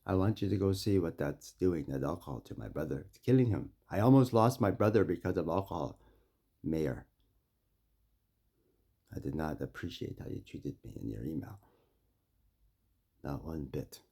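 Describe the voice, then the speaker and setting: A man from Saskatchewan, Canada, speaking directly to a mayor and making demands, with confrontational stories that swing between loud and quiet. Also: extremely low pitch, moderate pace, gravelly, long pauses, slightly rough. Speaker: First Nation community member addressing a mayor. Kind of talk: impassioned direct address and storytelling.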